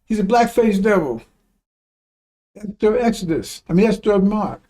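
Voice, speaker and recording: A man's voice: high voice, expressive, moderate pace, dark tone. A man giving a rambling, emphatic religious talk, swearing when he gets worked up. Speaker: religious teacher. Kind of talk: informal religious teaching.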